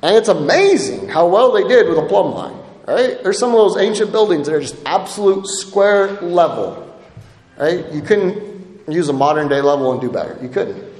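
A man's voice: sits high, big pitch swings, normal speed, darkish tone. A man preaching a sermon, emphatic and checking in with the congregation by asking "right?" again and again. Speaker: pastor. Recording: echoey hall with long reverb.

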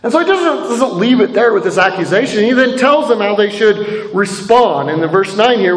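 A man preaching a sermon with a lively, high voice that swoops up and down. He speaks conversationally, often tossing in "right?" to his listeners. The sound is roomy, with a long hall reverb. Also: a little slow. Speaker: pastor.

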